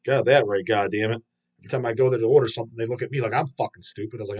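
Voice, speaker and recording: A man's voice: mid-range voice, fairly even intonation, very fast, a little mellow, breathy edge. Profane ranting man. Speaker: host reading viewer comments. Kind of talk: casual live-stream chat.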